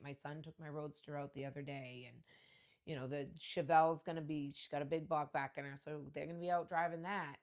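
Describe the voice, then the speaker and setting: A woman in her forties hosting a podcast, telling casual stories in a brash, profane way with frequent laughter. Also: sits low. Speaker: podcast host. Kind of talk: casual storytelling monologue.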